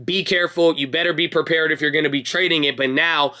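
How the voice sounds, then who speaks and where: A man's voice: a little high, fairly even intonation, fast talker, sharp tone. A young man hosting a casual stock market recap, hyped and talking straight to his viewers like friends. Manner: hyped, pep-talk energy, calls viewers baby and bro. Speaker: stock market video host.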